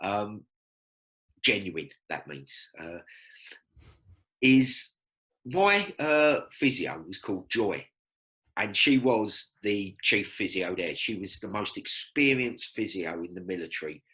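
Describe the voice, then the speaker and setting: A man, telling lively stories as a podcast guest and acting out quoted lines. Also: on the low side, slow, poor audio. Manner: animated storyteller, acts out quotes. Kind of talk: casual storytelling chat.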